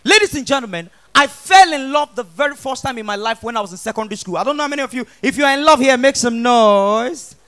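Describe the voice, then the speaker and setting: Male Nigerian stand-up, high, bright, lively, loud and playful. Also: fast talker, few pauses, smooth. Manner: playful, loud, mixing pidgin with English. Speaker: stand-up comedian. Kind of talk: stand-up comedy set. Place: comedy stage before an audience.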